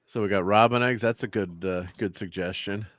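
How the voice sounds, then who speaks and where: A man's voice: on the low side, a little fast, a bit bright. A man hosting a casual livestream chat, laughing often and trailing off mid-sentence. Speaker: livestream host.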